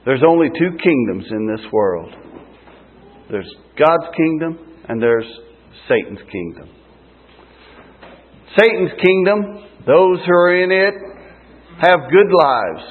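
A man delivers a sermon in a husky, slightly raised voice, taking his time with long dramatic pauses. The sound is thin and tinny, like a phone line. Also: fairly high pitch, big pitch swings. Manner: slow, emphatic preaching with dramatic pauses. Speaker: street preacher.

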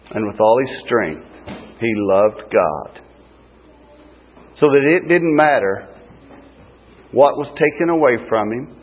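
A man delivers a sermon in a husky, slightly raised voice, taking his time with long dramatic pauses. The sound is thin and tinny, like a phone line. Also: mid-range voice. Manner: slow, emphatic preaching with dramatic pauses. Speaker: street preacher.

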